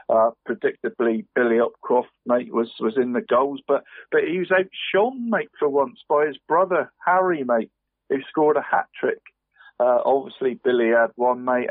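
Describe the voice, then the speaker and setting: A man's voice: mid-range voice, no room sound. Chatty man on tinny radio. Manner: rambling and chatty, constantly adding "mate". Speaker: radio football results presenter. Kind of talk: casual radio sports round-up. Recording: dry, tinny phone-like radio sound.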